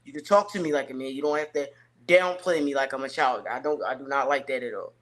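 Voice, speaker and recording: A man's voice: mid-range voice, quick pace, a bit bright. A man in his thirties talking casually and emphatically on a podcast, with slangy phrasing. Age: 30s. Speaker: podcast guest.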